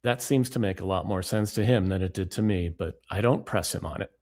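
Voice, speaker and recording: A man giving a lecture as author and speaker, reading book excerpts in a measured, deliberate way. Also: sits low, darkish tone.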